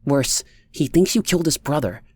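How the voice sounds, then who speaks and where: A man's voice: on the high side, lively intonation, moderate pace, a little mellow, husky, voice pushed up. A man voicing a smug, guarded pregnant woman with a curt manner, as an audiobook character. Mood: urgent.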